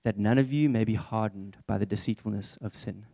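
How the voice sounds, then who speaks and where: Earnest young man preaching, mellow voice. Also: lowish voice, brisk, gravelly. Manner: earnest, conversational, candid. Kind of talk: church sermon.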